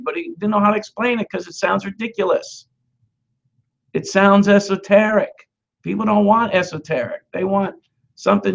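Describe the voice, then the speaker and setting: A man's voice: high voice, normal speed, gravelly, pauses often, dull audio. A man, a messianic rabbi, preaching a conversational sermon and stressing repeated Hebrew words. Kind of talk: sermon teaching on scripture.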